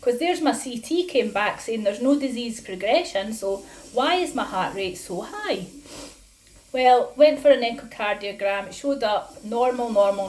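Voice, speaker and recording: A woman's voice: mid-range voice, a little mellow, rough recording. A woman speaking to camera in a personal vlog, indignant and emphatic, retelling her exchanges in quotes, a little breathless from lung disease. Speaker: patient sharing her health story.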